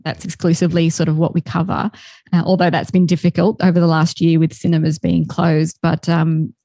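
A woman's voice: sits low, level tone, brisk, gravelly, mellow, dry recording, clean studio sound. A woman with an Australian accent, a podcast co-host chatting casually as a guest and laughing often.

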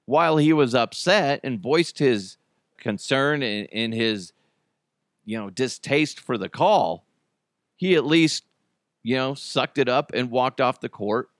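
A male podcast host in a casual solo rant, swearing freely, animated and laughing at his own jokes. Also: medium pitch, slow, long pauses, dry recording, studio quality.

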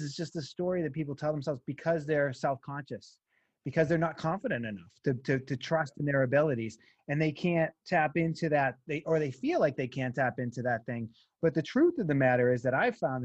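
A man's voice: on the high side, darkish tone, no room sound, dull audio. A man hosting a casual conversation, speaking earnestly and giving advice. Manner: earnest, advising.

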